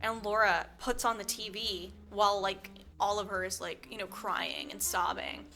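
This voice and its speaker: Woman, podcast co-host, bright voice, animated movie recap, acts out lines, faint music behind. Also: medium pitch, normal speed. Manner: animated storyteller, frequent fillers, acts out character lines. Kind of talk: casual movie recap chat.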